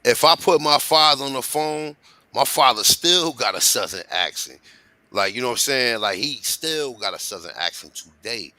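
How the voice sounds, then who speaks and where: A man's voice: mid-range voice, animated, moderate pace, pushed and bright, no echo, rough recording. A man with a New Jersey accent, talking casually and streetwise on a livestream, often asking "you know what I'm saying".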